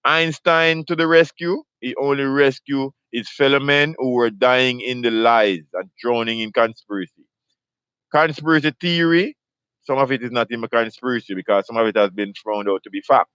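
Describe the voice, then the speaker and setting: A man's voice: mid-range voice, normal speed, a bit bright, smooth, dry recording, lo-fi sound. A man, preaching on a live video and firing off repetitive rhetorical questions. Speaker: host of a live video ministry. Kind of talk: preaching monologue.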